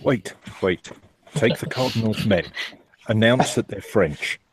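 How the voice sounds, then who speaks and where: A man playing a tabletop game, laying out plans in a deliberate, scheming way. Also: fairly low pitch, slight background noise.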